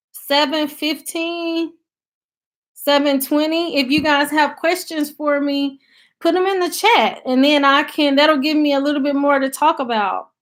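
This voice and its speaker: A high-pitched woman with an American country accent talks to her viewers in a loose, chatty way. She reads their comments aloud and thinks out loud, with plenty of ums and you-knows. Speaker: YouTube channel host. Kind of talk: casual live-stream chat, reading viewer comments aloud.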